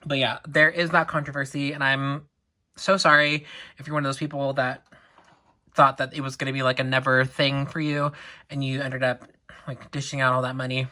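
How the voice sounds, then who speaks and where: A young woman collector chatting casually through a doll unboxing, excitable and chatty with lots of "like" asides. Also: extremely low pitch, normal speed.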